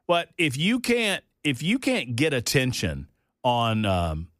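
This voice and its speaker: A man hosting a talk radio show, folksy and jokey, his voice jumping up in loud disbelief. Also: mid-range voice, wildly swooping pitch, slow, no echo, clean studio sound. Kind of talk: casual studio banter. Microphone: studio microphone.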